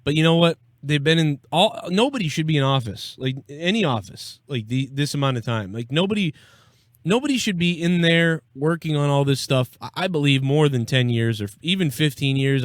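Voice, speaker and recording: A man's voice: medium pitch, moderate pace, no echo, studio quality. A man hosting a casual live call-in show, rambling and profane, laughing easily. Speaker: live show host taking calls.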